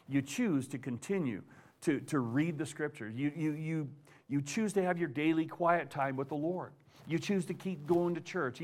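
A man preaching a conversational sermon, reading scripture aloud and dropping to hushed asides. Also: mid-range voice. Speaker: pastor.

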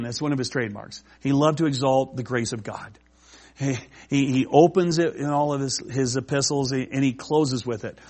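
A man preaching a casual, conversational sermon, slowing to read scripture and often restarting his sentences. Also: mid-range voice, a little mellow. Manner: slows down to read scripture aloud. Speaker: pastor.

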